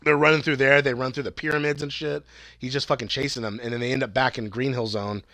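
A man casually recapping a movie plot on a podcast, excited and rambling, swearing often and laughing at the funny parts. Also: medium pitch, fast talker, no echo. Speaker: podcast co-host reviewing movies.

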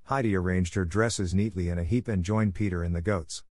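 A man reading a children's classic aloud in a steady, measured way. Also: low voice, no echo, clean studio sound. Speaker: audiobook narrator. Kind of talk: scripted storybook narration.

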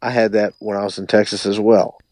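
A man, a musician guest on a podcast, chatting casually in a relaxed, rambling way with lots of hedging. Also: fairly low pitch, a little fast, no echo. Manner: relaxed, rambling, hedges a lot. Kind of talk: casual chat.

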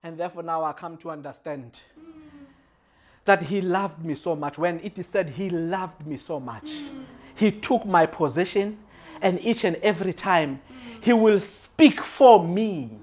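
Delivering a sermon at a measured pace, this preacher uses a mid-range voice, circling back to refrains and swinging between hushed passages and shouted climaxes.

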